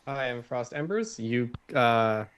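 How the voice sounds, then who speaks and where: A man from Canada introducing himself as a tabletop game player, shy and halting. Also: mid-range voice, expressive, fairly bright tone, clean tone. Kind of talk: casual self-introduction.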